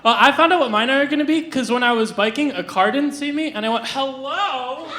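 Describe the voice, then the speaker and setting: A young adult stand-up comedian on a live stage, delivering absurd jokes deadpan with hesitant restarts and lots of fillers. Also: mid-range voice, fast, crowd noise. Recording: roomy live venue sound.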